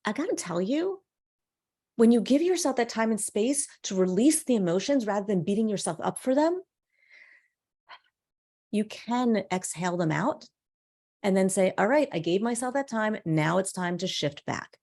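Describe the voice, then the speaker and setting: A woman's voice: mid-range voice, normal speed. A middle-aged woman guest on a podcast, telling stories with energy and acting out quoted dialogue. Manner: animated storyteller, acts out quoted dialogue. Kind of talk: casual podcast conversation.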